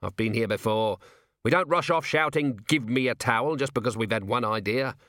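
A man voicing a sharp, driven veteran police commander in an audiobook, talking briskly and firing probing, rhetorical questions. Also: mid-range voice, dry recording, clean studio sound, close to an everyday voice. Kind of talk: audiobook character voice.

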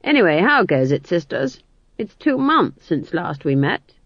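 Woman putting on a stern old witch lady, curt and slow, dry dull sound. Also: on the low side, sing-song, fairly bright tone, no echo, pitched above the performer's own voice, heavily acted. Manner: curt, disapproving. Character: stern proud old female witch, disapproving. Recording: dull dry studio read.

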